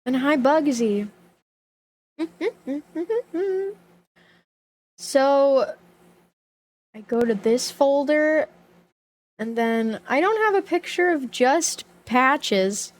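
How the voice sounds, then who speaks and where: Young female streamer, bubbly and giggly, unhurried talk, slightly high voice. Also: expressive. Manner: bubbly, greets chat by name, giggly. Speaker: livestreamer. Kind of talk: casual stream chat.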